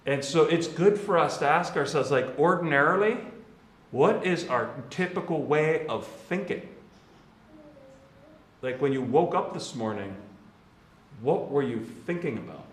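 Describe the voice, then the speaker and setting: A man's voice: fairly high pitch, very animated, a little slow, fairly bright tone, roomy sound. A man, a Catholic priest, giving a casual, conversational homily with slangy asides and laughs.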